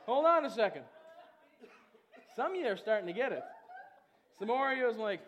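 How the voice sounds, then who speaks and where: A man with a strikingly high voice preaching a lively sermon. He talks in a loose, chatty way, full of fillers, and then breaks into exuberant shouted calls to his congregation. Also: brisk, pauses often, a little hiss or hum. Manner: chatty storytelling with many fillers. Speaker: pastor.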